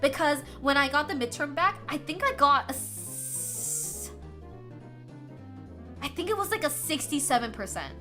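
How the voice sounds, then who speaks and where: A bright, high-pitched young woman tells a story to her live chat, her voice swooping up and down as she laughs and swears her way through it. Faint music plays softly behind her. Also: a little slow. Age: young adult. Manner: animated, laughs often, swears freely. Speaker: streamer. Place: home streaming setup.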